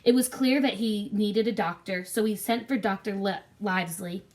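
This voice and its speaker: A woman narrating a classic adventure story in a clear, measured reading voice. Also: mid-range voice, a little mellow.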